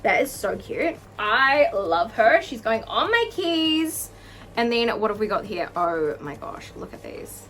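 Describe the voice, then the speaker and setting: Young woman doing an unboxing vlog, kinda high voice, gasps and oh my gods everywhere, faint hum behind. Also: very animated, unhurried, a bit bright. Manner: gushing, gasping, lots of "oh my God". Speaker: vlogger.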